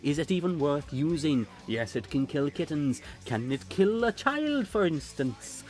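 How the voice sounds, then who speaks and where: A man's voice: a little high, big pitch swings, measured pace, a little mellow, soft background music, voice pushed up. A man voicing an unhinged male fire sorcerer who leads a cult, with a Welsh accent and gleeful, manic musing. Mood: gleefully unhinged.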